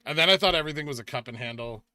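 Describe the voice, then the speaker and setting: A young man hosting a casual livestream, chatting with viewers, reading out donations and making quick asides. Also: on the high side, expressive, sharp tone, dry recording. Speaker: livestream host.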